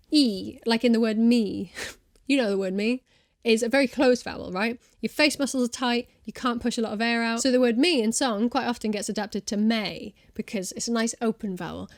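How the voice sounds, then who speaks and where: A young woman with a British accent talks straight to camera in a relaxed, playful way and keeps breaking off for wry asides. Her voice sits a little high for a woman. The recording is dry and close, with almost no room sound. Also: no echo. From Britain. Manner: chatty and playful, with frequent asides and self-aware humor. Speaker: vlogger. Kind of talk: casual explainer talking to camera.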